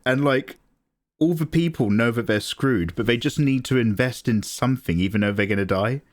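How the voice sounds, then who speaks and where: A man in his forties chatting casually on a live drawing stream, animated and self-deprecating, swearing freely. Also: normal speed. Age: 40s. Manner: mocks others with squeaky high voices. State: tearing up, emotional. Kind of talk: casual livestream chat. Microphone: desk mic, no camera.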